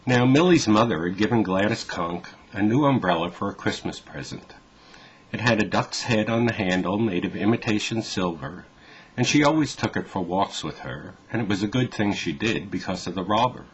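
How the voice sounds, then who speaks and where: A man narrating a simple children's story in a gentle, measured storytelling manner. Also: low voice, dull audio, a little hiss or hum.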